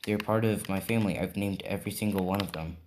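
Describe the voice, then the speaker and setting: A man voicing a calm young male leader of monsters in a plain, matter-of-fact way. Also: sits low, fast talker, slight background noise.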